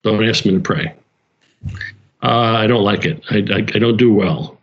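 A man's voice: on the low side, normal speed, muffled recording. A man leading a small church, talking earnestly in casual conversation, repeating himself and restarting his phrases.

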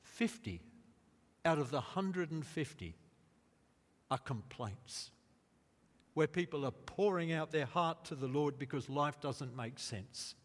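A man preaching a sermon in a slow, deliberate way, rising to emphatic quotes. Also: medium pitch. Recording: long reverb of a large hall.

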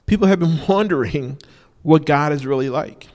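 A man with a slightly high, darkish-toned voice preaches informally at a moderate pace. He emphasizes points by repeating key phrases and uses "you know" often, and the recording carries the long reverb of a large hall.

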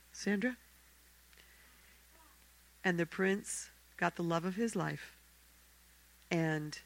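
A woman telling a fairy tale aloud in a church service, expressive and acting out the characters. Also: low voice, gravelly, rough recording. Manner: expressive, acts out the characters' voices. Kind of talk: animated fairy-tale storytelling.

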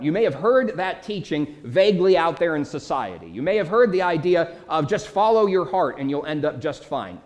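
A man's voice: fairly high pitch, a little mellow. A middle-aged man preaching a sermon, reading scripture verses and explaining them with emphatic repetition and rhetorical questions. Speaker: pastor.

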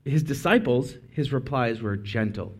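A man preaching a casual, conversational sermon, full of asides and quick self-corrections. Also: medium pitch, lively intonation. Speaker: speaker.

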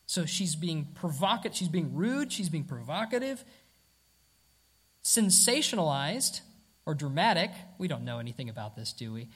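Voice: mid-range voice, lively intonation, normal speed. A preacher delivering a sermon emphatically, asking rhetorical questions and repeating key words.

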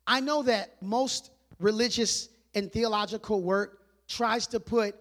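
A high-pitched man preaching to a church, talking like a conversation. He fires off rhetorical questions, then drops his voice low and soft to stress a point. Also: a little slow. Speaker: pastor. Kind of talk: sermon.

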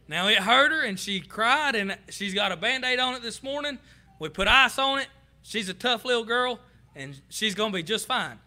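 A man's voice: extremely high pitch, lively intonation, normal speed, sharp tone. A young man preaching a sermon, telling folksy stories with fillers and repeated words. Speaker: pastor.

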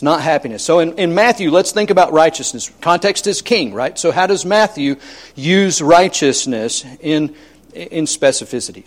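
A man preaching a sermon as pastor, emphatic and repetitive, telling homely stories with humor. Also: fairly high pitch.

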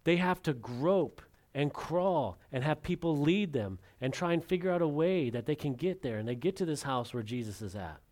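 A man preaching a sermon as pastor, acting out the quotes and swinging between loud emphasis and hushed, dropped lines. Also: on the high side, animated, normal speed, hardly any pauses.

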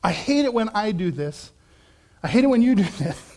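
A man preaching a sermon, telling a story with animated shifts and acting out quoted voices, laughing now and then. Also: high voice, moderate pace. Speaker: pastor.

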